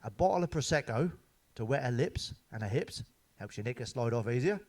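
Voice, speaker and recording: A man's voice: medium pitch, expressive, a little fast, a little mellow. A middle-aged man, telling coarse, swearing jokes in a casual stand-up monologue. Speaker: stand-up comedian. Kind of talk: joke-telling monologue to camera.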